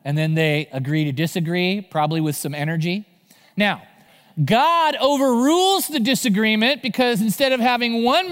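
A man preaching a sermon as pastor, telling Bible stories with animated delivery and acted-out voices. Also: high voice. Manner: animated storytelling, acting out voices. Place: large church hall. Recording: long hall reverb.

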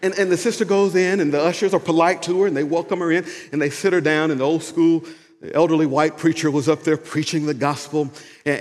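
Pastor preaching in an echoing church. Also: male voice, a little high. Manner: animated storytelling swinging into hushed prayer. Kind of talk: sermon. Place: church sanctuary. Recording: long hall reverb with music behind.

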